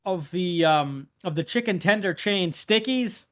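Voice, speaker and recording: A young adult man, co-hosting a podcast in casual chat, acting out the exchanges he tells with lively feeling. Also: high-pitched, measured pace. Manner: animated storytelling, acts out quoted exchanges. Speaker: podcast co-host.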